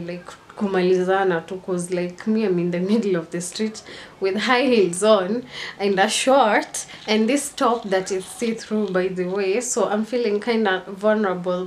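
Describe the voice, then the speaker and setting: A woman's voice: mid-range voice, a little hiss or hum. A young woman, chatting casually in a rambling storytime vlog. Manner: chatty and rambling, mixing in Swahili slang. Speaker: vlogger.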